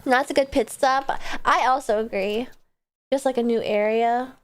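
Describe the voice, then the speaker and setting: High-voiced, sleepy, slightly hoarse woman streamer. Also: steady tone, normal speed. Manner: chatty, rambling, self-deprecating. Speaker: video game streamer. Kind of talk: casual gaming stream chat. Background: faint background music.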